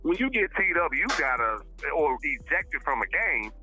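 A middle-aged man talking as a guest on a casual podcast, animated and quick to restart his sentences. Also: on the high side, breathy edge, soft background music, rough recording. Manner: animated, talks in bursts with repeated starts.

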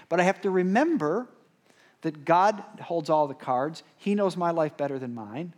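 Man preaching, swinging loud to hushed. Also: fairly high pitch, expressive. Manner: conversational preaching with rhetorical asides and repeated "right?"; swings between emphatic rises and quiet, slowed-down drops. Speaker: pastor. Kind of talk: sermon.

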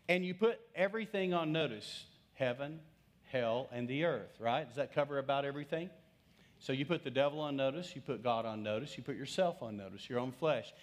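Preaching pastor, loud then hushed. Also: male voice, fairly high pitch. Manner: conversational preaching with swings between loud emphasis and hushed, slowed lines. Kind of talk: sermon.

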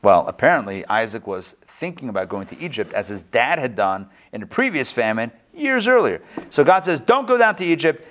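A man, a rabbi, teaching a text study class in a playful, animated way full of rhetorical questions and jokes. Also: on the low side, normal speed, hardly any pauses. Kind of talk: joking, interactive text study lecture.

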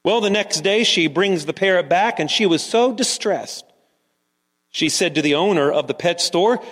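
A man's voice: sits high, animated, normal speed, fairly bright tone, in a large hall. A man preaching a sermon, telling a story and then asking the congregation earnest rhetorical questions. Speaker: pastor.

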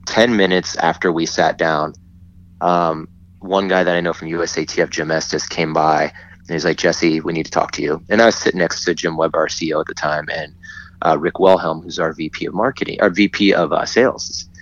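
A man telling a story in casual chat, animated and often laughing as he acts out what others said. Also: low-pitched, fairly quick. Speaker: guest. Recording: dull lo-fi sound.

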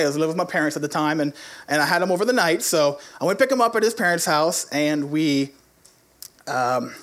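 A man with a high voice preaches in a relaxed, chatty way, moving from scripture into a personal story. He talks with animated, conversational energy, full of asides.

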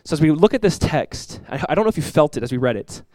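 Fast-talking young pastor. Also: male voice, on the high side, dry recording. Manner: animated storytelling, conversational with many asides. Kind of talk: sermon.

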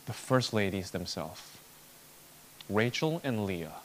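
Lively, emphatic male preacher. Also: lowish voice, slow pace, a little hiss or hum. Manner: emphatic, repetitive rhetorical build-ups. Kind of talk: expository sermon.

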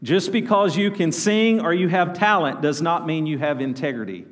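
A man's voice: on the high side, normal speed. A male pastor, preaching a sermon and calling on the congregation to answer back. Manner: preaching, calls out to congregation for responses. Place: church sanctuary. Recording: long hall reverb.

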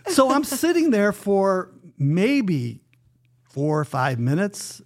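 Gravelly man telling a lively story. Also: high-pitched, slow pace. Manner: animated storyteller who acts out quoted dialogue. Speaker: hockey radio announcer, guest. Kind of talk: storytelling in a podcast interview.

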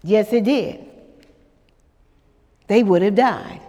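A woman's voice: medium pitch, slow, dark tone, long reverb tail. A woman pastor preaching a sermon at a church service, with dramatic call-and-response to the congregation.

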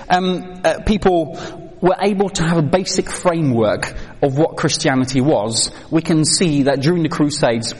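A man's voice: medium pitch, darkish tone. A man giving a training talk on children's faith to a live audience, conversational with many fillers and questions to the room. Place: hall with an audience. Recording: reverberant hall.

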